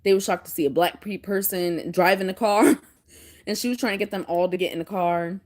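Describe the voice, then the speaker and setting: A woman vlogger telling stories in casual chat, animated and often breaking into laughter. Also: lowish voice, brisk.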